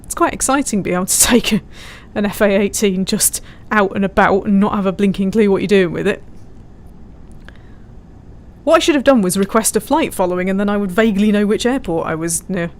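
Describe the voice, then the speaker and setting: A woman with a mid-range voice and a slightly quick pace gives casual live commentary as she flies a simulator. She chats away, giggles a lot, and reads viewers' messages aloud.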